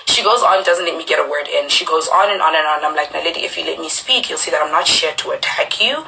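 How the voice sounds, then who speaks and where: A woman on a live stream recounting a conflict, telling it animatedly and acting out quotes with sudden pitch jumps. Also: sharp tone, low-quality recording. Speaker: reality show cast member on a live stream.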